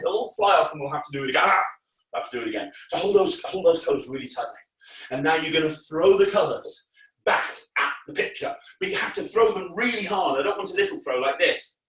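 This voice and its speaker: A man performing a comedy magic show for children, talking in an animated, exaggerated way that jumps to loud, high shouts. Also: a little fast. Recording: echoey room, voice a bit far off.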